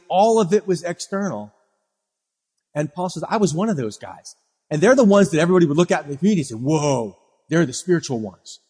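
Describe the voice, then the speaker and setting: A male pastor preaching a sermon, animated, acting out the voices of people he quotes. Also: high-pitched, breathy edge. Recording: long hall reverb.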